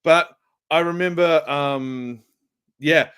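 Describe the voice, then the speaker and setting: A man chatting casually as co-host of a streamed podcast, an animated storyteller who laughs often. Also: on the high side, slow, clean tone. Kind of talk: casual chat.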